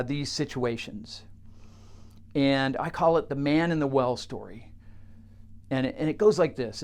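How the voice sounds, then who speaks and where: A man who works with clients, telling a teaching story straight to camera in a halting way, with many fillers and restarts. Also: medium pitch. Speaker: coach working with clients.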